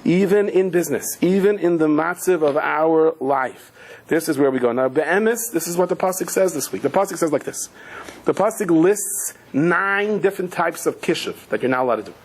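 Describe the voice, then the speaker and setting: A husky-voiced middle-aged man teaches a Torah class as a rabbi, in his speech and fond of stories. He leaps up into high, animated voices when he quotes people and drops in Yiddish and Hebrew words. His voice sits somewhat high for a man. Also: moderate pace. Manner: animated storyteller, acts out quoted voices with sudden high pitch; mixes Yiddish and Hebrew terms, light humor.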